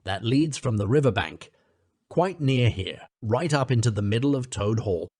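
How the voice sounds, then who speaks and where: A man voicing a stern, wise old male badger who speaks gravely and severely. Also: medium pitch, expressive, moderate pace, darkish tone, dry recording, studio quality.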